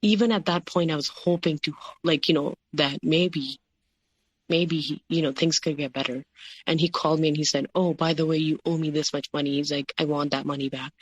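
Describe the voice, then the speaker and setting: A woman's voice: deep voice, steady tone, moderate pace, no echo, low-quality recording. A woman, a podcast guest, recounting a personal story in a rambling way, with many fillers and quoted dialogue. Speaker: guest sharing her story.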